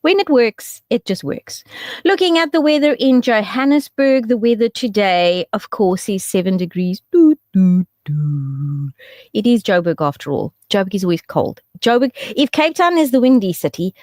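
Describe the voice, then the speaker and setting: A woman's voice: moderate pace, dry recording. A woman hosts a radio show, her voice bouncing up and down as she chats and jokes. The sound is dry and close-miked with no room around it. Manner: chatty and joking, with lively swoops in pitch and laughs. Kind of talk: casual radio chat and weather.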